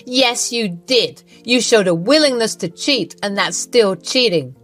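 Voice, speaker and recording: Brief: female narrator reading a stern, cold husband, firm and clipped, slow delivery. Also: a little high, animated, a bit bright, soft background music. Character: stern husband faking hurt anger, man.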